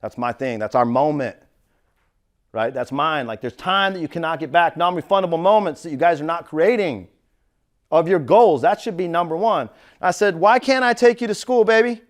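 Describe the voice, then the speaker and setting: A middle-aged real estate coach speaks at a normal speed in a laid-back motivational talk. He swears, tells stories, uses "dude," and alternates between low confiding moments and loud bursts of excitement.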